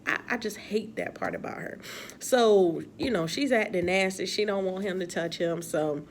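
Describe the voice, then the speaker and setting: A woman's voice: medium pitch, slight background noise. Chatty woman recapping a TV episode. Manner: chatty, exasperated, laughing asides. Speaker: TV episode reviewer. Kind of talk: casual recap and commentary.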